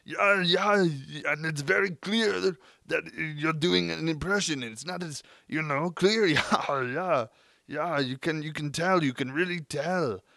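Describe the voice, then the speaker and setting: A man putting on a loud, boastful muscleman action star with clipped, broken phrasing. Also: fairly high pitch, measured pace, gravelly, no room sound, voice pushed up, heavily acted.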